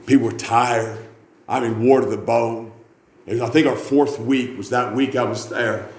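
A man preaching a revival sermon, moving from quiet storytelling to shouted, high-pitched fervor. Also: fairly even intonation, moderate pace, a little hiss or hum. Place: church. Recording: echoey church room.

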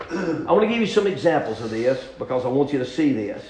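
A man preaching a sermon in a folksy drawl, his delivery swinging between easy talk and loud shouting. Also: mid-range voice, sing-song, fairly quick, echoey room.

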